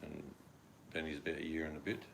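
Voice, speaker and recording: A man's voice: extremely low pitch, monotone, quick pace, vocal fry, fairly bright tone, slight background noise. An older man with an Australian accent chatting casually at home, rambling and acting out his dogs in quoted voices. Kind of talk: casual chat.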